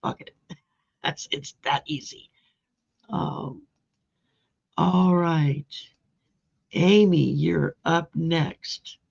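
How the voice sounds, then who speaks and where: On a live stream, a woman chats with viewers by name and laughs easily while drawing and reading oracle cards. Her low, steady voice is extremely slow, creaky, a little mellow and husky, with frequent pauses, heard through dull lo-fi stream audio.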